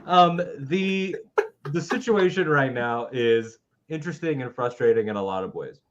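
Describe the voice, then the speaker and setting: A man's voice: mid-range voice, expressive, normal speed, lo-fi sound. A man in his twenties co-hosting a live political talk show, ranting with heated, profane passion. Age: 20s. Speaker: co-host.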